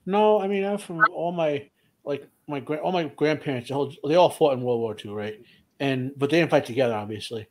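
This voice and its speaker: A man co-hosting a casual reaction chat, animated and quick to jump in. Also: a little high, rough recording. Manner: animated, interrupts, stammers. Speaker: co-host.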